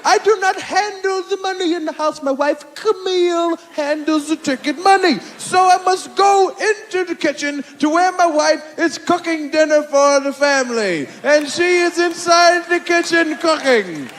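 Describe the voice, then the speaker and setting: A man doing a stand-up impression of a prim, fussy older father who talks slowly and deliberately and scolds about filth. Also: a bit bright, big-room sound. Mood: storytelling. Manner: slow, fussy and deliberate, with high squeaky exclamations. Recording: live stand-up with audience.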